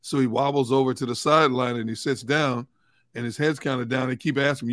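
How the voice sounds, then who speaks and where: A man co-hosting a sports talk show tells a relaxed anecdote in an easy, mid-pitched voice. The sound is dry, with no room around it. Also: fairly quick, no echo. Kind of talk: casual storytelling chat.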